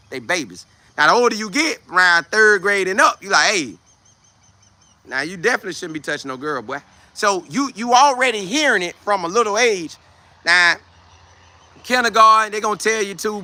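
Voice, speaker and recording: A young man hosting a podcast, giving preachy, animated commentary in a casual way. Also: high voice, no echo. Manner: animated, preachy, acts out scenes in put-on voices. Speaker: podcast host.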